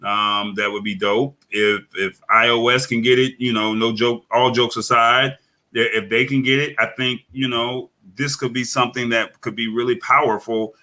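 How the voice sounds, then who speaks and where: Bright-voiced man in casual tech talk. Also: medium pitch, fairly even intonation. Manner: halting, many fillers and restarts. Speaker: tech news commentator. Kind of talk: casual live podcast chat.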